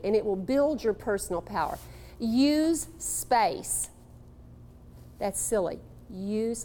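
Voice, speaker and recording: A woman from Texas giving a live motivational talk to an audience, animated and coaxing, calling on people in the room. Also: on the high side, a little hiss or hum. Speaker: motivational speaker.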